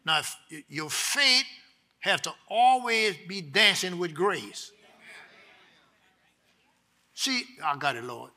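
Male pastor, high bright voice, preaches call-and-response, drops low to teach and rises loud to exhort. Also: very animated, slow, long pauses. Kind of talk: sermon.

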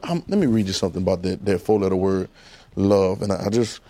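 A man's voice: sits low, fast, warm tone. A man with a Southern US accent preaching a sermon in a casual, coaxing call-and-response style.

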